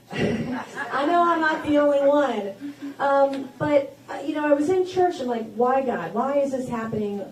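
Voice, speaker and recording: At a campaign town hall in an echoey event hall, a South Carolina woman in her forties gives a stump speech, her folksy personal anecdotes rising into rousing declarations. Her voice is a little high and a little mellow. Picked up from a distance in front of an audience, the recording carries a slight hiss or hum.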